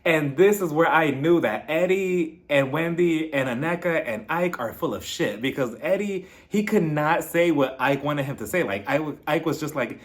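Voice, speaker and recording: A man's voice: fairly high pitch, moderate pace, hardly any pauses. A man recapping a reality TV episode in a casual, sassy way, full of mocking asides. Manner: animated and sassy, with mocking impressions.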